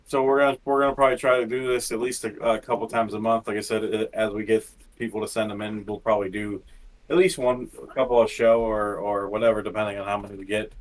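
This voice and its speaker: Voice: mid-range voice, steady tone, fast, rough recording. A host on a live podcast chatting loosely, often repeating words as he gets going. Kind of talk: casual chat.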